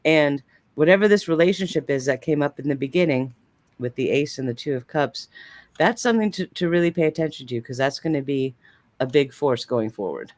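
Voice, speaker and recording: A man reads tarot cards on a live stream, talking in a gentle, reassuring way. His voice sits a little high for a man. The sound is close and dry, with no room around it. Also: fairly quick, dry recording. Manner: gentle, reassuring, with frequent fillers. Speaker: tarot card reader.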